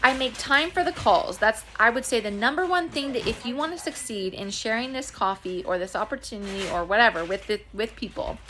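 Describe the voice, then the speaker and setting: A woman's voice: fairly quick, hardly any pauses, a little hiss or hum. Chatty woman vlogging from home, earnest, lots of ums and restarts. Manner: grows emotional and lively in pitch. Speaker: network marketing distributor. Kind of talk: casual talk to camera. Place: at home with children nearby.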